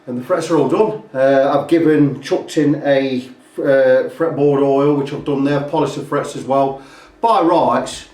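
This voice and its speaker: A man's voice: mid-range voice, fairly even intonation, a little slow, a little mellow. A man, a guitar repair technician, talking through a job in a casual, rambling way in his workshop. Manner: rambling, chatty, fills gaps with "blah blah". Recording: roomy, distant workshop sound.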